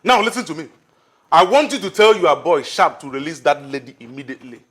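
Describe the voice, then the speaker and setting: A confrontational young man making firm demands. His voice is bright and fairly high. Soft music plays beneath. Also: sing-song, brisk. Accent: Nigerian.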